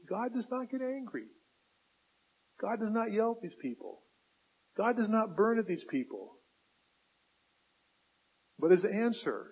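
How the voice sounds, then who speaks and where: A male pastor preaching a sermon, swinging from loud impassioned pleading to quiet reflective asides. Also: high-pitched, slightly rough, dull audio.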